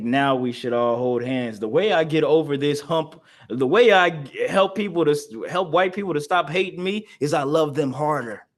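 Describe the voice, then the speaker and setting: Man, scripture class teacher. Emphatic, preachy, and repetitive, with average pitch. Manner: emphatic, repetitive, laughs between points. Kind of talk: preaching-style scripture lesson.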